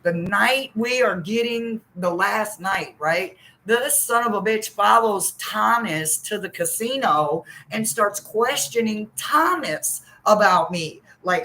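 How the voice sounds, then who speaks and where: Animated, profane woman storyteller. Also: medium pitch, takes it slowly, hardly any pauses, poor audio. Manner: animated, profane, laughs often. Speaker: live stream host. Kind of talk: casual storytelling chat.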